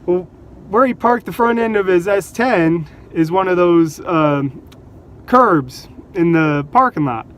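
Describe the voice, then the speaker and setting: A man vlogging, telling casual stories in an animated way, laughing between anecdotes and acting out what people said. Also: high voice, takes it slowly. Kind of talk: casual storytelling.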